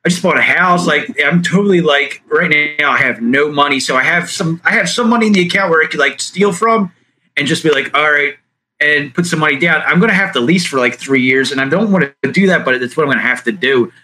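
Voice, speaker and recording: A man's voice: on the high side, fairly quick, sharp tone, low-quality recording. A young man in casual chat who hesitates and repeats himself, full of fillers. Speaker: podcast co-host.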